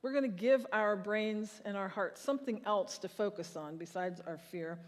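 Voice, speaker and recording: A woman's voice: mid-range voice, moderate pace. A woman pastor preaching a sermon to her congregation and leading them in a shared recitation. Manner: leads congregation in reciting a psalm. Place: large church sanctuary. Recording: long hall reverb.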